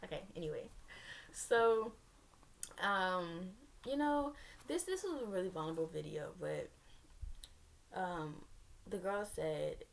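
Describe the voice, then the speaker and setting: Young woman with a gravelly, creaky voice. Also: fairly low pitch, slow, pauses often. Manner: sassy, animated asides to viewers; candid, rambling with restarts. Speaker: vlogger. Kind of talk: personal storytime vlog.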